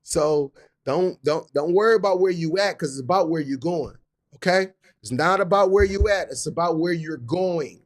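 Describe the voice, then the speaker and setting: A man's voice: on the high side, moderate pace. Give me a man, fired up and repetitive as he coaches on a live stream. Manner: hyped, repetitive, casual slang. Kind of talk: motivational live talk.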